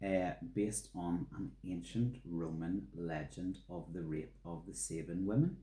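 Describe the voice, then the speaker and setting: A man co-hosting a podcast in casual chat, joking and mocking himself with quick asides. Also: sits low, warm tone. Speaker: podcast co-host. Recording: roomy echo.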